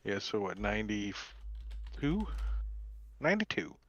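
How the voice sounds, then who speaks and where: A man's voice: fairly low pitch, sing-song, slow pace, a bit bright, muffled recording. A man playing a tabletop game, joking and wry in casual chat. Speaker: player.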